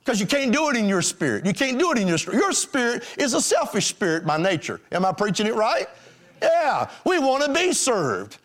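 A man preaches to his congregation in a high, animated voice. He is emphatic and calls out questions to the church. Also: brisk. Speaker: pastor. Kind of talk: sermon.

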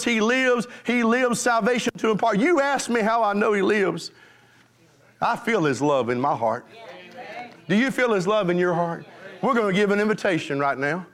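A male pastor preaching a revival sermon, fervent, jumping from shouts to hushed pleading, with folksy call and response to the congregation. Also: high voice.

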